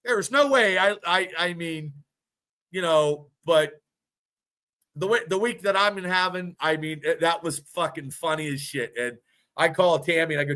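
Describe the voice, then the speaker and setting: Profane fifty-something storyteller, high and bright. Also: male voice, normal speed. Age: 50s. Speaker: podcast co-host. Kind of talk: casual sports podcast chat.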